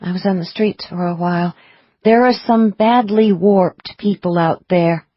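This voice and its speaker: A woman voicing a guarded young woman psychic who speaks quietly and earnestly. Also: on the low side, unhurried, no echo, dull audio.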